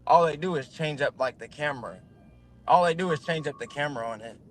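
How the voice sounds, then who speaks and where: A man's voice: fairly high pitch, fast, slight background noise. A man chatting casually on a video call, rambling with many fillers and restarts. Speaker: guest on a livestream. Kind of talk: casual chat.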